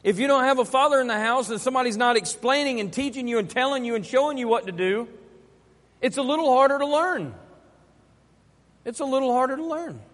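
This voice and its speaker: A man's voice: very high voice, brisk, a bit bright. A man preaching a sermon, emphatic and fond of repeating his key phrases. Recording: long hall reverb.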